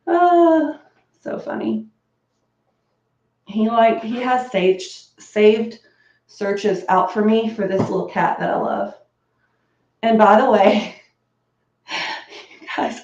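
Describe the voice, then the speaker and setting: A beauty vlogger with a mid-range voice chats casually while getting ready at home, heard in a roomy space with dull audio. She's bubbly and rambling, laughs often, and breaks into coughing fits.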